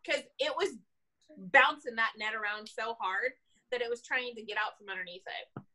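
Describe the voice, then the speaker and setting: A woman police officer with a fairly high-pitched voice tells a story in casual conversation at a moderate pace. She's animated, laughs often, and acts out what people said.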